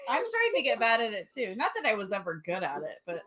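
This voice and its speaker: A woman's voice: mid-range voice, expressive, moderate pace, a bit bright. A woman co-hosting a cooking livestream, chatting playfully and cheering on donations. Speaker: co-host. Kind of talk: casual chat on a cooking livestream.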